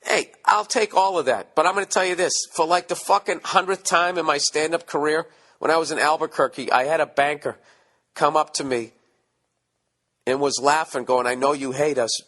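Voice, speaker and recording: Hoarse profane man ranting. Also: a little high, moderate pace. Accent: Boston. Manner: profane, animated ranting with mocking asides. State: hoarse from screaming. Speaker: podcast host. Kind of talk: casual ranting monologue.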